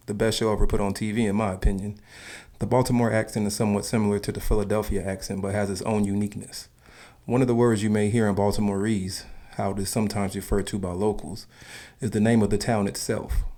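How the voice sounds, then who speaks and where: A man's voice: lowish voice, level tone, quick pace, a little mellow. A man from the South, narrating an informal explainer in a chatty, opinionated way. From Southern United States. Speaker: video narrator.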